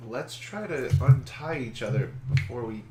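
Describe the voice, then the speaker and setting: A man's voice: medium pitch, expressive, normal speed. A man playing a tabletop game, making his case in a dry, reasoning way. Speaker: player. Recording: echoey room with background noise.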